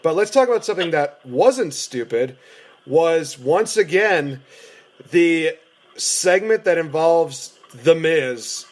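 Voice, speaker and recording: Excitable man co-hosting a wrestling chat. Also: a little high, takes it slowly. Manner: excited, laughing, playful impressions. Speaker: wrestling show co-host. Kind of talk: casual chat.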